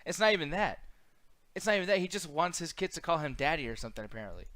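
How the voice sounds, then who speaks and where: A man's voice: on the high side, big pitch swings, racing, fairly bright tone, no room sound. A man co-hosting a casual wrestling chat, ranting profanely and dropping into mocking impressions. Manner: profane, rant-driven, drops into mocking impressions. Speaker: co-host.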